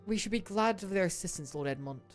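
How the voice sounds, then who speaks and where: A woman's voice: lowish voice, animated, soft background music, pitched below the performer's own voice, lightly acted. A woman voicing an earnest young male scholar-diplomat from a game, speaking formally in a put-on British accent. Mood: resolute. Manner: formal, measured, old-fashioned diction.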